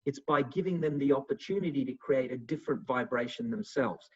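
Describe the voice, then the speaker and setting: A man giving a motivational webinar talk over a video call, answering questions and acting out little dialogues in a lively way. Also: mid-range voice, brisk, breathy edge. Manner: animated, acts out little dialogues. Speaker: webinar speaker. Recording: muffled video call audio.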